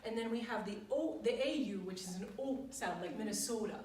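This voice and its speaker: A woman's voice: mid-range voice, brisk, a little mellow, far from the mic. A woman voice teacher giving a master class, coaching diction in a chatty way with frequent laughter. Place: voice studio. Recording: echoey room, recorded from afar, faint noise.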